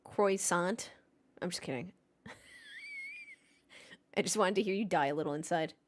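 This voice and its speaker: A woman's voice: fairly low pitch, moderate pace. A woman hosting a live race watchalong, joking casually and chatting with her viewers. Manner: playful, jokey, chatty with her live chat. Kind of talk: casual live-stream chat.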